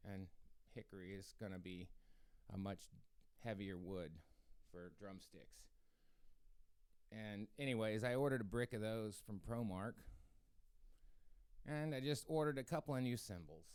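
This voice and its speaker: A man's voice: on the low side, unhurried, long pauses, a little mellow, clean tone, no room sound, clean studio sound. A man casually rambling to viewers as he hosts his own drum practice stream, with many fillers and restarts. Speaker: drummer hosting a practice stream.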